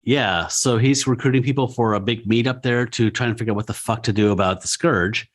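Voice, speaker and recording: A man's voice: mid-range voice, brisk. Casual man recapping comics. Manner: swearing, laughing, acting out quoted characters. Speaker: podcast co-host.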